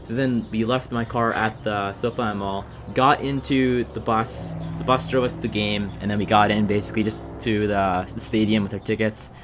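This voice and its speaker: A man's voice: fairly low pitch, steady tone, normal speed, hardly any pauses, background noise. A young man co-hosting a podcast, telling a story in casual chat, rambling and full of fillers. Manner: rambling storyteller, heavy use of "like". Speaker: podcast co-host.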